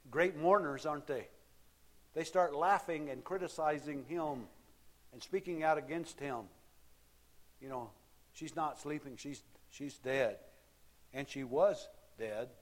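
Man preaching a conversational sermon. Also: fairly high pitch. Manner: conversational preaching with rhetorical questions. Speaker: pastor.

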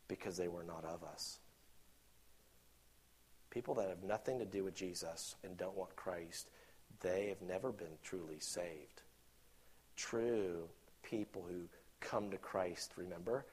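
A man preaching a sermon with passion, rising to loud emphatic peaks and dropping to quiet asides, acting out imagined objectors. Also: sits low, breathy edge. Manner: acts out imagined objectors in quoted voices.

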